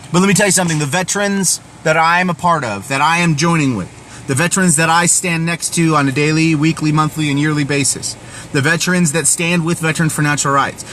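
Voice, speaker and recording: Man, veteran advocate, impassioned, repetitive, sermon-like, bright, faint background noise. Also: a little high. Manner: earnest, repetitive, sermon-like urging. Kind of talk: impassioned motivational talk.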